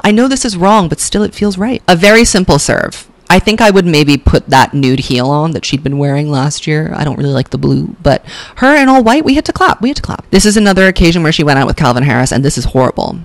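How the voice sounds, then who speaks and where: A woman vlogger giving casual, sassy fashion commentary, gushing and cutting by turns, swearing freely, drawing out words for emphasis and then rushing. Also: deep voice. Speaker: pop culture vlogger.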